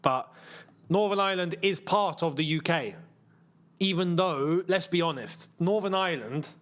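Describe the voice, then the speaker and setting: On a casual live stream, a young English host watches football along with his viewers, chatting and giving long explanations stuffed with fillers. His voice is on the high side and fairly bright, and he speaks at a normal speed.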